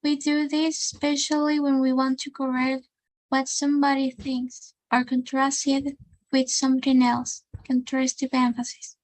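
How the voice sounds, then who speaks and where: A woman student reads a passage aloud over a video call in a high voice that hardly moves in pitch. The sound is close and dry, with no room around it. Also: level tone, a little slow, a little mellow, no echo, poor audio. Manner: reads evenly from a text. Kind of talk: reading aloud in class.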